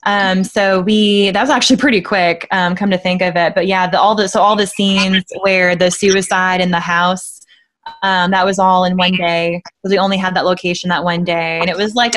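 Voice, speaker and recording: A woman's voice: lowish voice, fairly even intonation, moderate pace, fairly bright tone. A woman, an actress, chatting casually in an interview, hesitant with many fillers. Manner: hesitant, many ums and likes. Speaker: actress guest.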